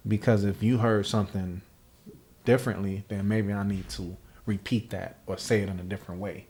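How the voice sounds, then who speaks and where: Man, podcast host, lowish voice, roomy echo, emphatic casual chat. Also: fairly even intonation, normal speed, darkish tone, a little hiss or hum. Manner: emphatic, repeats "like" and "right?".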